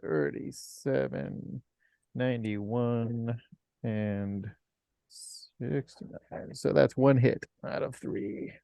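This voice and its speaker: A man playing a tabletop game, easygoing and slow-spoken, laughing often. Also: medium pitch, vocal fry, dark tone, dry recording. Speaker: player. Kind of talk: casual tabletop play.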